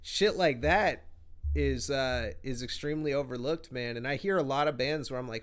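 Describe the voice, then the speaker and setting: Man, podcast host, casual slangy cursing chat, smooth clear voice. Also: mid-range voice, moderate pace. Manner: laid-back, profane, slangy.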